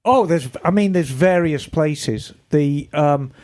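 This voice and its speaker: A woman hosting a podcast, chatting casually and reading listener emails in a lively, storytelling way. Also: low-pitched, slow. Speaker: podcast host.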